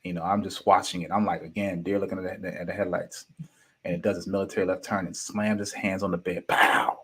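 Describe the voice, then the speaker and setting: A young adult man hosting a podcast, telling a personal story in a slangy, animated way, with some swearing and laughs, and reading chat comments aloud. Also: low voice, a little fast, slightly rough. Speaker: podcast host.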